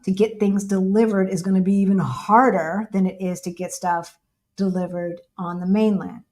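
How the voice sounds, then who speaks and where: A woman's voice: mid-range voice, darkish tone. An American woman hosting a casual livestream with her partner, chatting and answering viewer questions. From United States. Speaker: co-host of a livestream.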